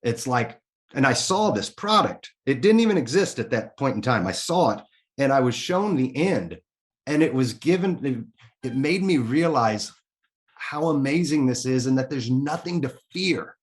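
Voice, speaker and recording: A man's voice: medium pitch, animated, normal speed. A man as a podcast guest, telling a personal story in a candid, earnest way and swearing casually.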